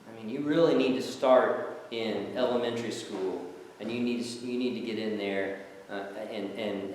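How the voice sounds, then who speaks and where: Animated man telling stories in an echoey hall. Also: mid-range voice, distant mic, a little hiss or hum. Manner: animated storytelling, acting out quotes. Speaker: former jail minister and author. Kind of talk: storytelling talk to an audience. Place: church hall.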